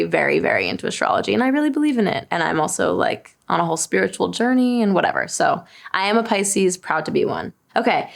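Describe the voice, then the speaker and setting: A young woman from Long Island talks in an easy, unscripted way, answering questions with self-deprecating jokes and frequent laughs. Her voice sits in a middle register with a noticeable gravelly fry at the ends of phrases. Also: medium pitch. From Long Island, New York. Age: 20s. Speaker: singer answering internet questions. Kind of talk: casual unscripted chat to camera.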